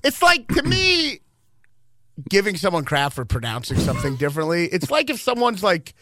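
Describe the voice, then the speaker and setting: Lively rambling young comedian man. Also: high voice, moderate pace, dry recording, clean studio sound. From Louisville, Kentucky. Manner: rambling storytelling with fillers and laughs. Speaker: comedian guest. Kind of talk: casual radio interview chat.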